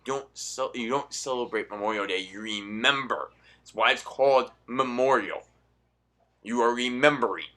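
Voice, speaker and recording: A young man ranting in a profane, sarcastic monologue, swinging between loud outbursts and muttered asides. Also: medium pitch, normal speed. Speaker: political commentary vlogger.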